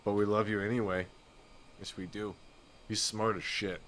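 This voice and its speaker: Chill streamer dude, lowish voice, rambly casual chat, faint hiss. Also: male voice, level tone, normal speed, a bit bright. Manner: laid-back, rambling, says "dude" and "you know what I mean". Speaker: flight sim streamer.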